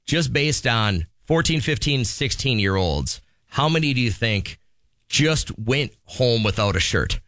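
A man's voice: medium pitch, animated, a little slow, fairly bright tone, no room sound, studio quality. A man hosting a morning radio show, telling stories and teasing callers in casual banter. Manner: joking storyteller, teasing callers.

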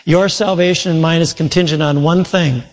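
A man delivers a sermon in earnest storytelling mode, weaving in quoted dialogue. His voice sits a little above the usual male pitch. The sound rings out with the long reverb of a large hall. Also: fairly even intonation, normal speed. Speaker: preacher.

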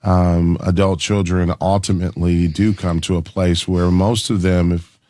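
A man hosting a Christian call-in radio show, speaking gently and encouragingly to callers and guests. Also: sits low, level tone, unhurried, no room sound.

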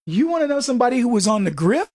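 A man's voice: very high-pitched, sing-song, racing, darkish tone, no room sound. Combative male radio host, dry sound. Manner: combative, rhetorical questions. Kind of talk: political commentary monologue.

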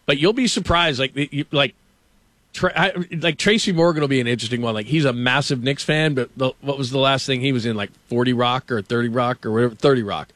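A middle-aged man hosts a morning sports radio show from the studio, rambling through stories with fillers, restarts and easy laughter. His pitch sits in an ordinary middle range. The sound is close and dry, with no room around it. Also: quick pace, a bit bright, dry recording. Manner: loose and chatty, laughs often, many fillers and restarts. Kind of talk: casual morning radio chat and storytelling. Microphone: studio microphone.

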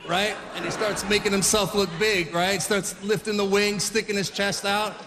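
Rambling high-voiced stand-up comic. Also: male voice, flat delivery, moderate pace, bright, forceful tone, long reverb tail. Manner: rambling, self-interrupting, chuckling. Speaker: stand-up comedian. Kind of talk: stand-up comedy.

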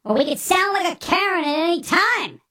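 A performer voicing a shrill, indignant middle-aged woman who complains loudly. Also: lively intonation, fairly quick, exaggerated voice. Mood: outraged.

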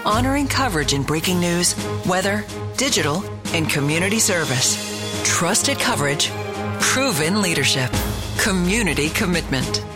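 A woman announcer reading a scripted news station promo in a measured, emphatic way. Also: on the low side, very animated. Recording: promo read over loud music.

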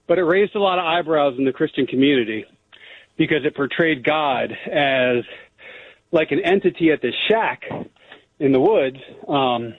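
A man calling in to a radio show, talking casually and rambling with fillers over a phone line. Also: on the high side. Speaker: caller. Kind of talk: phone-in call.

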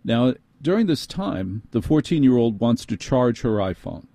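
A middle-aged man with a New York accent hosts a talk radio show, spinning an exasperated, sardonic story in quick bursts. His voice is mellow and unhurried in tone, at an everyday pitch, heard dry and close. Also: big pitch swings, no echo. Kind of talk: ranting storytelling monologue.

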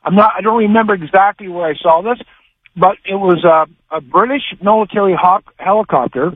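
A man's voice: sits high, fairly quick. A male caller on a radio show asking a question in a rambling, hesitant way. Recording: dry, tinny phone line.

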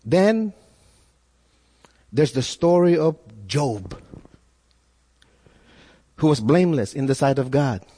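A male pastor delivering a sermon, his slightly high voice rising and falling with animation. He talks earnestly, piling up rhetorical questions and repeating himself as he pushes a point. The sound carries a long echo, as if in a large hall. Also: husky.

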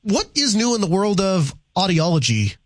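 A man's voice: high-pitched, big pitch swings, normal speed, no echo. Casual male talk radio host. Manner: casual, self-deprecating, stammering restarts.

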